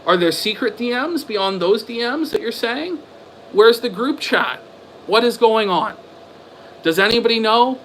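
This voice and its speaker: A man with a notably high voice delivers an angry livestream rant, profane and sarcastic. He repeats himself and throws out rhetorical questions in a combative way. A faint background hiss sits under the voice. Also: animated, a little slow, a bit bright, poor audio. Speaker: livestream commentator. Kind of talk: ranting stream commentary.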